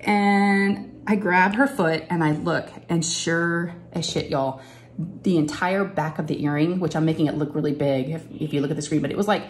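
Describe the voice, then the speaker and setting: A middle-aged woman with a slightly low voice, talking in a chatty, animated way. She tells a long story full of asides, like a crafting vlogger speaking to her viewers from her craft room at home. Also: moderate pace, a little hiss or hum. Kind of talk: casual storytelling chat.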